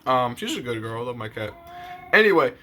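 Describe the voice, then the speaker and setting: A man's voice: medium pitch, sing-song, brisk, bright, forceful tone, a little hiss or hum. A man talking to camera in a casual, blunt and profane rant on his own channel. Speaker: YouTuber.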